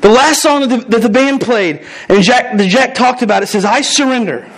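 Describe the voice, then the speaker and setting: A man in his thirties from the United States, preaching a lively sermon full of quick asides and jokes. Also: extremely high pitch, a little hiss or hum, poor audio. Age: 30s. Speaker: pastor.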